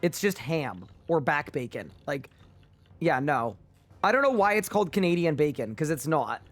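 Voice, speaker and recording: A man's voice: on the high side, sing-song, moderate pace, a bit bright. Male streamer, casual live chat, playful incredulous banter, faint music behind. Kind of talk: casual livestream chat with viewers.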